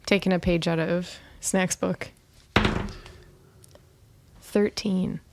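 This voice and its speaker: A woman's voice: on the low side, fairly even intonation, slow pace, very noisy. A woman playing a tabletop game, giggly and self-deprecating. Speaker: player. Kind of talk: casual tabletop game play.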